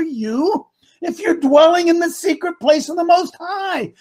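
A man preaching a sermon, animated, rising to loud bursts. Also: very high-pitched, moderate pace. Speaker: pastor.

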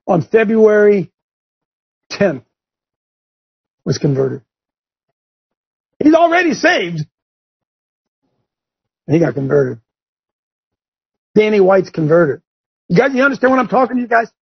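A male preacher gives a folksy, emphatic sermon. His voice sits high and sounds gravelly. The recording is dull and lo-fi. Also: very animated, slow pace, long pauses. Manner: folksy, emphatic, talks straight to listeners.

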